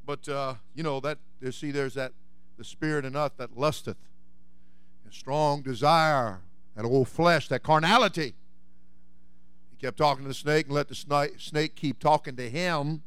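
A pastor man with a high voice preaches a sermon, storytelling in a folksy way and climbing to shouts. His tone is bright and forceful, and the sound is dry and close. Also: measured pace, long pauses, smooth, no room sound. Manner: fiery preaching that builds to shouting.

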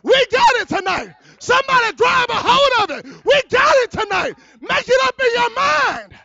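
A male evangelist preaching a church sermon, dropping to low murmurs and then rising into fervent shouting, captured on a dull, lo-fi recording. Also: sing-song, normal speed, gravelly, no room sound. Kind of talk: fiery preaching. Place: church service.

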